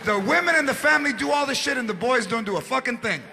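Loud high-voiced comedian, gravelly, crowd noise. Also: male voice, expressive, quick pace. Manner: loud, shouting punchlines, acts out drunk characters. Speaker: stand-up comedian. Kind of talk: stand-up comedy routine. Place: large theater stage before a live audience. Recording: live theater recording with crowd noise.

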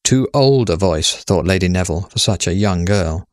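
A man reads a story aloud in calm, even narration. His voice sits low and the recording is dry and close, with no room sound. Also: moderate pace, hardly any pauses, dry recording. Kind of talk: scripted narration.

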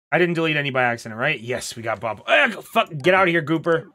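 A man streaming a game, talking casually to his chat and to a friend, excitable and profane, swinging from loud outbursts to low mutters. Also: quick pace, few pauses, faint music behind. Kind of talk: casual gaming commentary. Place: home streaming setup with green screen.

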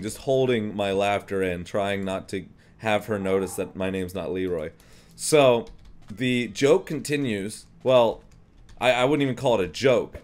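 A young man casually commenting on a video game, rambling and jokey with frequent restarts. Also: lowish voice. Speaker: gameplay commentator.

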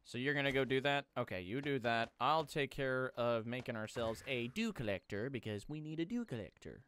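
A man's voice: mid-range voice, fairly quick, slight background noise. A young adult man hosting a casual gaming video, chatting with a friend, ranting and swearing in exasperation. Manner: animated, exasperated rants, swears freely. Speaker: host.

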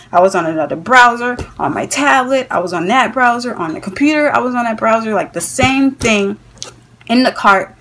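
A young adult woman tells a story straight to camera in a loose, talky vlog style. Her pitch sits at a middling, ordinary level, and she fills her sentences with "like". She sounds animated and exasperated throughout. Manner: animated and exasperated, heavy use of "like". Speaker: beauty vlogger. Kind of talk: casual chatty storytelling.

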